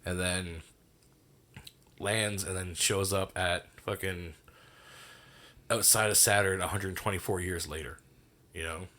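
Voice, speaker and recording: A man's voice: deep voice, steady tone, unhurried, pauses often, pushed and bright. A man co-hosting a podcast, chatting loosely about a movie and swearing casually. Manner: loose, rambling and profane, laughs easily. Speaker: podcast co-host. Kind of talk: casual movie discussion chat.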